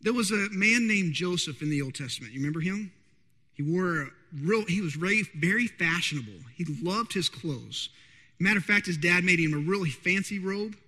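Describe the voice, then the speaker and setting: A male pastor with a high, bright, forceful voice delivers a sermon in a large sanctuary, and the sound rings with long reverb. He keeps checking in with the congregation with quick questions. He moves between hushed, stretched-out lines and louder bursts.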